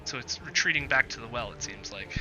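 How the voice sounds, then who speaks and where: A man's voice: medium pitch, animated, brisk, music in the background. A man narrating as game master in a tabletop game, describing scenes with frequent fillers and restarts.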